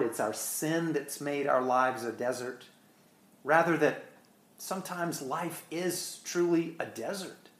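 Earnest male preacher in echoey room. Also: medium pitch. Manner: earnest, repeats words, slows for emphasis. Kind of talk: sermon.

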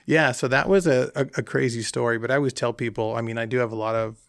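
Guy with a gravelly voice spinning a hunting trip story, dry close sound. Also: mid-range voice, quick pace, no echo. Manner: animated anecdote with quoted dialogue. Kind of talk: casual storytelling.

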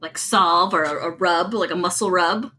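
A woman's voice: on the low side, bright, forceful tone. A woman co-hosting a podcast, playful and giggly, riffing on jokes. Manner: giggly, playful, quick to riff. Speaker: podcast co-host. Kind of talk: casual comedic chat.

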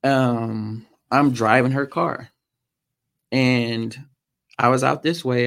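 A man, a podcast guest, telling a personal story in a halting way with frequent pauses and "um"s. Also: medium pitch, creaky, fairly bright tone. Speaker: podcast guest, motorcycle racer.

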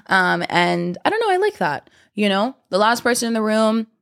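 A woman's voice: medium pitch, big pitch swings, moderate pace, creaky, a bit bright. Chatty young woman rambling casually. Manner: chatty, rambling, lots of fillers. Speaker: podcast host. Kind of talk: casual monologue.

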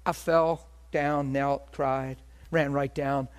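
A male preacher delivers a sermon in the form of a personal story. His voice sits in a middle male range. He moves from hushed, intimate moments to loud, emphatic ones. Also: medium pitch, takes it slowly, clear, resonant tone. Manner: animated storytelling, swings between loud and hushed.

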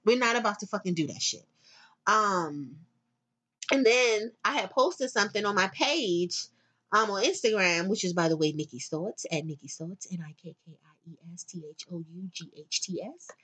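A middle-aged woman hosting a show, delivering a blunt, profane, animated rant in casual monologue. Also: medium pitch, normal speed, breathy edge. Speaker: podcast host.

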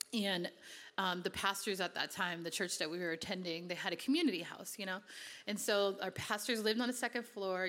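In a large hall, a Connecticut woman with a lowish, slightly bright voice tells her personal testimony within a sermon. She comes across as earnest and speaks conversationally, with many casual filler words.

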